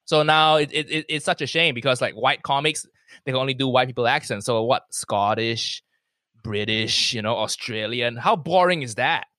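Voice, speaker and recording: A man's voice: medium pitch, normal speed, pushed and bright, dry recording, clean studio sound. A man from Malaysia, a comedian, talking animatedly and emphatically in a casual chat. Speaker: comedian, podcast guest.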